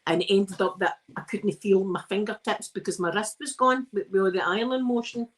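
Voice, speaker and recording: Worn out and yawning, a Scottish ASMR host irons on her livestream while rambling casually and making fun of herself. Her medium-pitched voice has fairly even intonation and runs a little fast. The recording is low quality.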